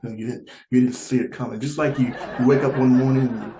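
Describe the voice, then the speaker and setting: A man's voice: mid-range voice, steady tone, fast, gravelly, roomy sound, a crowd in the background, low-quality recording. A man doing a stand-up comedy set, rambling and repeating himself and laughing through his lines.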